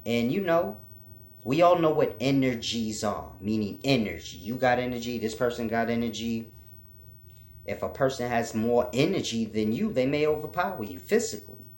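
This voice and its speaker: Guy doing a spiritual talk, slow and repetitive, spells out letters, mid voice, echoey room. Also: mid-range voice, expressive, darkish tone. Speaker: spiritual teacher. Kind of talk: informal spiritual teaching monologue. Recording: roomy echo.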